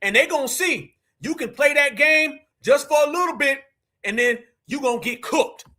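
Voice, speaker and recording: A man hosts a live stream in a fiery, preachy tone full of slang. His voice sits high and rings bright and sharp. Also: normal speed. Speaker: livestream host.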